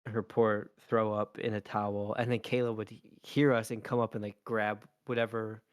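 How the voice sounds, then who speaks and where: Chatting casually as a podcast co-host, a father tells a long, meandering family story packed with ums and likes. His low-leaning voice is clear and resonant, delivered at a normal speed in a level tone. The sound is a clean studio take without echo.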